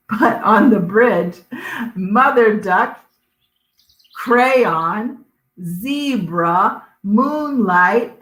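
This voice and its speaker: A children's librarian reading a picture book aloud, bright-toned and expressive. She takes her time over each phrase. Her voice comes across echoey. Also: mid-range voice. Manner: expressive storyteller. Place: outdoor garden.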